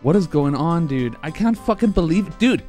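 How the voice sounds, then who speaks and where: A young man streaming live, excited and out of breath from laughing, swearing freely as he celebrates. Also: on the high side, normal speed, faint music behind. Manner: excited, profane, laughing between lines. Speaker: speedrun streamer.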